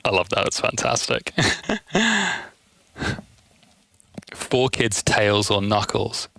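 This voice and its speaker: A man chatting casually on a stream from his room, animated and talkative, speaking into a headset. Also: lowish voice, slow, gravelly, dry recording. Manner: animated and chatty, speeding up in asides. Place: home room at night.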